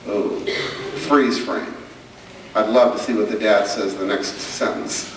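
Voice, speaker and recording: A man's voice: fairly low pitch, normal speed, fairly bright tone, a little hiss or hum. A man doing a stand-up comedy routine, telling stories and acting out his daughter's questions, recorded from afar on a camcorder. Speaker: stand-up comedian and parenting speaker. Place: hall with an audience. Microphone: far camcorder. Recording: echoey, distant camcorder recording of a hall.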